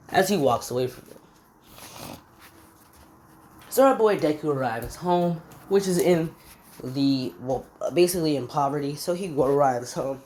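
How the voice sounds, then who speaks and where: A woman's voice: low-pitched, a little slow, pauses often, darkish tone, slight background noise. A woman narrating a fan-made what-if story in a casual, rambling, slangy way, thinking aloud as she goes.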